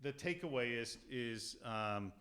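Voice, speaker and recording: Casual piano teacher, man, mid pitch. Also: lively intonation, sharp tone, clean tone. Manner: casual and halting, many fillers, sings phrases aloud. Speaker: piano teacher giving a lecture. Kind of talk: informal music lecture.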